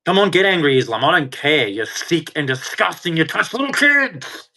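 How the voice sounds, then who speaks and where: A man's voice: a little high, very animated, normal speed, bright, forceful tone. A man delivering an angry, heated rant, swearing and speaking with hard emphasis. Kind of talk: angry ranting monologue.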